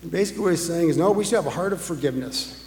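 A man's voice: fairly high pitch, animated, racing, darkish tone. A man preaching a sermon as a pastor, talking conversationally and putting rhetorical questions to the congregation. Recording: echoey hall with long reverb.

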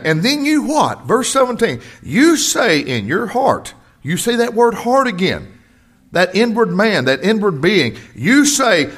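An older man preaching a sermon to his congregation, swinging between rising emphasis and quiet personal stories. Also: a little high. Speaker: pastor.

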